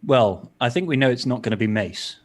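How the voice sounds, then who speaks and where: A man answering questions on a live gaming panel in a relaxed way, pausing and sighing as he thinks. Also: medium pitch. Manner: relaxed, sighs while thinking, laughs. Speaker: guest panelist. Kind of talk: casual live game chat.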